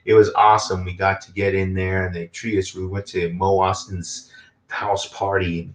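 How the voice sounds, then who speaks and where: A man with a fairly low voice chats casually as an interview guest, winding through his thoughts with plenty of fillers. He is heard over a video call from a roomy, echoing space. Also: level tone, moderate pace. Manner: rambling, with many fillers. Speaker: guest musician.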